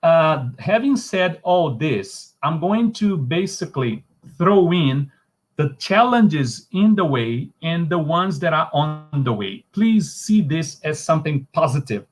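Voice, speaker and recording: A man with a Brazilian Portuguese accent, a native Portuguese speaker giving an academic online lecture in a halting, discursive way with frequent restarts. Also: a little high, sing-song, soft background music.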